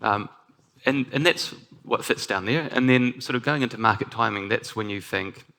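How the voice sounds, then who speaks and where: A man with a New Zealand accent giving a conference presentation, talking in a relaxed way with many ums and restarts. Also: medium pitch, moderate pace, vocal fry. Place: conference stage.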